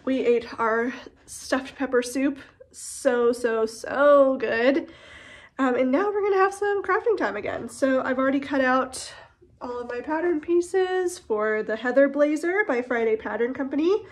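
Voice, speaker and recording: A woman vlogger chatting casually at home in her kitchen, her voice nasal and stuffy from a cold, relaxed and peppered with fillers. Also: sits high, moderate pace. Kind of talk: casual chat.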